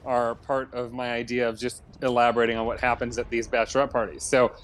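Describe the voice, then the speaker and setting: A man co-hosting a casual podcast, talking in a relaxed way with halting restarts. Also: medium pitch. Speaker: podcast co-host. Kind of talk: casual banter among friends.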